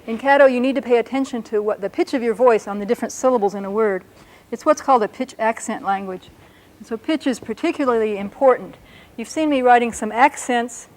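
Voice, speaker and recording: A woman teaching a language lesson, explaining patiently and sounding out words slowly and carefully. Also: on the high side, a little mellow.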